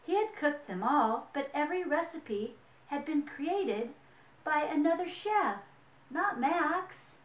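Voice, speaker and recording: A woman storyteller reading a children's picture book aloud in an expressive, unhurried way. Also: high-pitched. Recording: echoey room.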